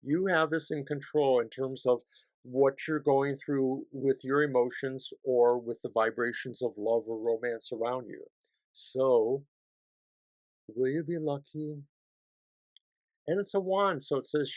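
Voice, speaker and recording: A man giving a weekly tarot reading sign by sign, chatty, swinging from hushed to excited. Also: medium pitch, measured pace, no echo. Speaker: tarot reader.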